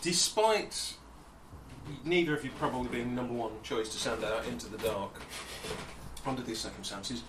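Game master, roomy distant sound. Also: male voice, mid-range voice, normal speed. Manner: hesitant, amused, with filler ums. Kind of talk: narrating a tabletop game. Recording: echoey room, distant mic, noisy.

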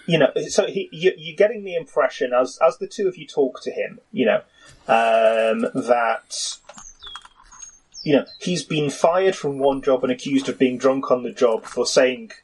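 A man narrating a tabletop game as game master, halting and full of "you know", with restarts. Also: medium pitch, darkish tone, slightly rough, rough recording.

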